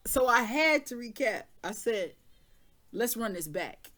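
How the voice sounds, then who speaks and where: A woman's voice: fairly high pitch, sing-song, measured pace, a bit bright. A woman reading tarot cards, then telling a story in casual, slangy speech. She laughs often and acts out both sides of the conversation. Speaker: tarot reader.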